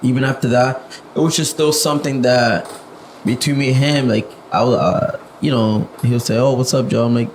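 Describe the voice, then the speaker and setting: A reserved young man speaking softly as a podcast guest, in casual chat with lots of fillers. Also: medium pitch, normal speed, slight background noise, rough recording. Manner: soft-spoken, reserved, many fillers. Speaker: podcast guest, music producer.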